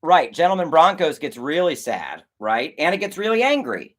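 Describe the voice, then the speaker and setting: Young male filmmaker on a casual stream, slightly high voice, lively swoops, rambling, curses freely. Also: moderate pace. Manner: animated, rambling, swears, acts out quoted exchanges. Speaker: filmmaker answering chat on a livestream. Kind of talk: casual livestream chat.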